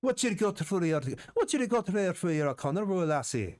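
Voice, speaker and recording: A man's voice: high voice, very animated, normal speed, darkish tone, voice pushed up. A man doing a playful mock Irish accent as a jovial stage-Irish character during a tabletop game. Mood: teasing.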